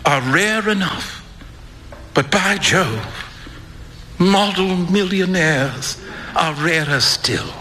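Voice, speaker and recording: A man voicing a boisterous, laughing young gentleman who teases his friend heartily. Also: high voice, lively intonation, slow pace, long pauses, big-room sound, noisy background. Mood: amused. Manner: hearty, loud, teasing.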